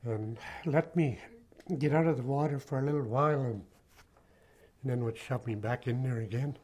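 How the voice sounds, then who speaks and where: An older man giving personal testimony in an interview, speaking haltingly with many pauses and fillers. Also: medium pitch, a little mellow.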